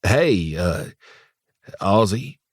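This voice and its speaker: A man reads out a bashful young country mechanic who stumbles through his words in a low, easy drawl. The storybook voice sits close and dry, with no room around it. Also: expressive, no room sound, heavily acted. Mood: shy. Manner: nervous, halting, country-boy drawl.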